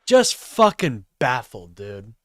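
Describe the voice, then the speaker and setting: A man's voice: medium pitch, huge pitch swings, slow pace, a bit bright, dry recording, clean studio sound. A man live streaming commentary, ranting and swearing in exasperation.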